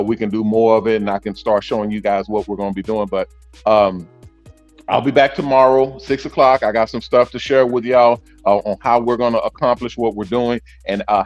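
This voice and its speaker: A man's voice: lowish voice, a little mellow. A man hosting a casual livestream from on the move, talking emphatically and repeating his points. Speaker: host, owner of a salon network. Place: mobile, in a vehicle.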